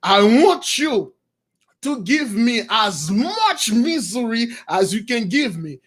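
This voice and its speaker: A man's voice: very high voice, sing-song, takes it slowly, a bit bright, slight background noise, exaggerated voice. Man voicing a greedy, pleading monkey. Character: greedy male monkey begging for misery.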